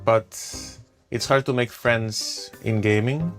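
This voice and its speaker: A man's voice: medium pitch, slow, faint music behind. A man from Catalonia, a guest answering in a comedy interview in a blunt, mock-offended way. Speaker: esports player guest.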